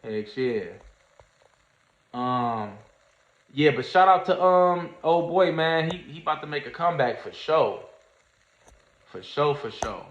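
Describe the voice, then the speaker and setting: A man telling a story in a casual livestream, animated and slangy, acting out what others said. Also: a little high, takes it slowly, long pauses, a little hiss or hum. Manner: animated storyteller, acts out quoted voices, Southern US slang. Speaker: trading streamer. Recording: echoey room, dull lo-fi sound.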